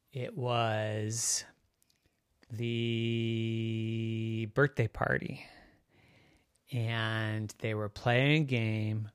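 A storyteller narrating a children's story with a gentle, expressive delivery. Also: medium pitch, smooth, dry recording, clean studio sound.

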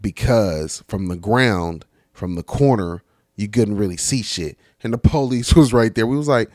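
A young man from California casually telling a story, animated and laughing, heavy on slang and swearing. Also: on the low side, normal speed, dry recording, clean studio sound. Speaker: vlogger.

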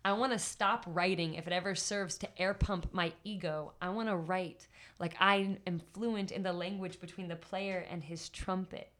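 A woman's voice: on the low side, fairly even intonation, moderate pace, a bit bright, slight background noise. A woman speaking as a podcast guest, chatting with enthusiasm and reciting her spoken word poetry with rhythmic emphasis. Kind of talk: casual chat and spoken word poetry reading.

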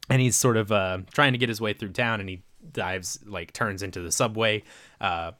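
Podcast co-host, man, lowish voice, dry close mic, chatty recap with lots of "like". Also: fairly even intonation, a bit bright, dry recording. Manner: rambling, filler-heavy retelling with quick voiced quotes. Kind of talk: casual movie recap chat.

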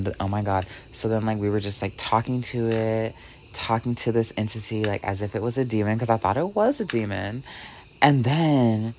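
A man vlogging, telling a rambling story with "like" in almost every phrase and swinging between hushed and excited delivery. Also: on the low side, a little hiss or hum. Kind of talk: casual storytelling vlog.

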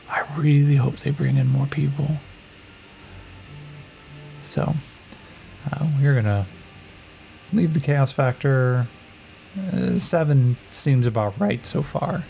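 A man's voice: mid-range voice, vocal fry, warm tone, rough recording. A man narrating a solo tabletop role-playing game as game master, casual and full of fillers, swearing now and then.

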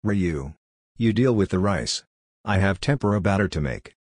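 A man's voice: low voice, animated, normal speed, breathy edge, no echo, studio quality. A man voicing a curt, bossy male head chef who barks orders in a story reading.

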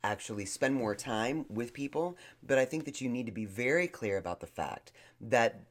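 A man's voice: mid-range voice, animated, moderate pace. A man co-hosting a podcast, giving blunt, sarcastic mock-therapy in a rambling way. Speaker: podcast co-host. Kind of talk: casual mock-therapy chat.

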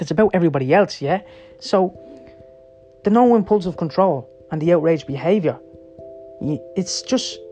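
Middle-aged man, rough-edged storyteller, raised pitch, rapid rambling delivery, faint music bed. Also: a little mellow. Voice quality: heavy swearing, blunt and emphatic. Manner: rapid, rambling, seeks agreement with "right?" and "yeah?". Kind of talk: personal storytelling monologue.

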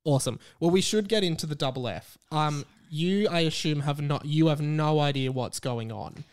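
A woman's voice: deep voice, normal speed, a little mellow. A woman hosting a podcast in casual chat, joking, teasing and often laughing. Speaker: podcast host.

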